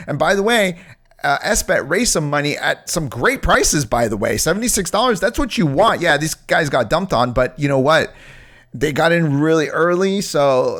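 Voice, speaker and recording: This video features a man with a mid-range, slightly bright voice talking casually about crypto stocks. He comes across as brash and emphatic, hammering home points by saying the same phrases repeatedly.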